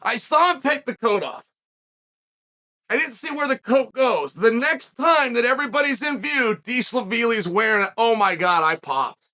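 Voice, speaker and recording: Speaking at normal speed in a very high voice, this middle-aged western U.S. man hosts a solo commentary. It's animated, and his storytelling breaks into emphatic shouted bursts.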